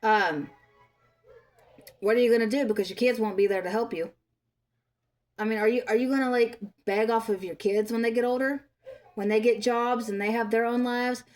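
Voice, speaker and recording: Woman, 30s, vlogger, angry rant, swears a lot, scolding, fairly high voice. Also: fairly even intonation, normal speed, long pauses, darkish tone, soft background music. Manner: blunt, profane, scolding.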